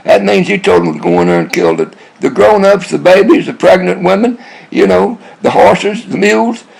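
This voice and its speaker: Older man, gravelly and husky, fairly high-pitched, blunt rambling monologue. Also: animated, moderate pace, a little mellow. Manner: blunt, rambling, with many restarts. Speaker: YouTube vlogger.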